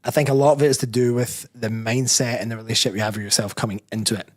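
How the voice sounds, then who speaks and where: A Scottish man speaking in a casual podcast interview, his voice sitting at an ordinary middle pitch. He thinks out loud, wandering through long sentences and correcting himself as he goes. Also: steady tone, rapid-fire. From Scotland. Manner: reflective, rambling, frequent self-corrections. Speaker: personal trainer and bodybuilder guest.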